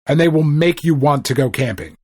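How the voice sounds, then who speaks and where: A middle-aged man co-hosting a podcast, chatting casually in an excitable, rambling, profane way. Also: a little high, fairly quick, breathy edge, dry recording, clean studio sound. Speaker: podcast co-host. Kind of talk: casual chat.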